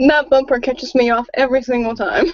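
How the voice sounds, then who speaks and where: A young woman guesting on a podcast, chatting casually with dry, deadpan quips. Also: high-pitched, dry recording. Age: young adult. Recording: dull lo-fi dry sound.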